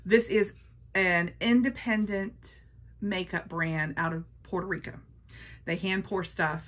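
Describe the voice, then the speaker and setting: A woman's voice: fairly low pitch, fairly even intonation, a little slow. A woman chatting casually through a makeup haul, gushing and repeating her praise. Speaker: beauty vlogger.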